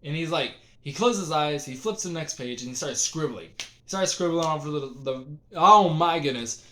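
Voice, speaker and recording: A man's voice: fairly high pitch, expressive, fairly quick, a bit bright, a little hiss or hum. A young man telling a story in a casual, rambling way, full of fillers and restarts.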